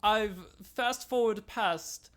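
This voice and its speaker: A grand, theatrical drag competition host with a mock-British accent, as a man puts it on. The announcements come slow and drawn out, with dramatic pauses, and sit clearly higher than his normal speaking voice. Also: fairly bright tone. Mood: grandly announcing.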